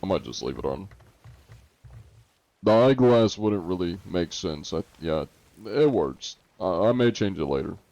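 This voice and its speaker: A man's voice: sits low, big pitch swings, measured pace, gravelly, warm tone, no room sound. A man chatting casually on a live game stream, in a laid-back, joking way, reacting to chat, heard through dull lo-fi audio.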